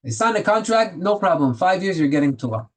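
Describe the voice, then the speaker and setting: A man's voice: high-pitched, very animated, brisk, low-quality recording. A man teaching a Torah class, telling stories and asking rhetorical questions, with Hebrew terms woven into his English.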